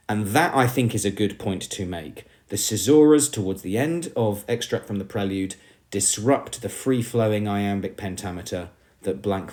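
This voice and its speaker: English male teacher, lower voice, lively classroom explainer. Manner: emphatic, addresses the class as everybody. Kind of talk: classroom lesson on poetry.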